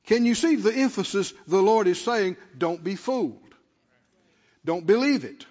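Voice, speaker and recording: A man preaching a sermon and calling out to the congregation, sometimes rising to a shout. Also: high voice, animated, unhurried. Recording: muffled sound with long church reverb.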